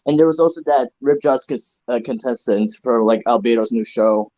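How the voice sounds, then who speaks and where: A man co-hosting a casual online fan discussion, animated and eager to add trivia. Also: medium pitch, normal speed, lo-fi sound. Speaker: co-host.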